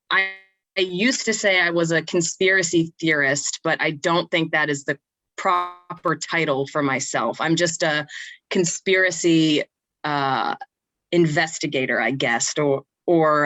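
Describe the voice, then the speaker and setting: A woman's voice: deep voice, slow, fairly bright tone, low-quality recording. A young woman co-hosting a casual podcast chat, talking in a loose, laughing way and often restarting her sentences. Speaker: podcast co-host.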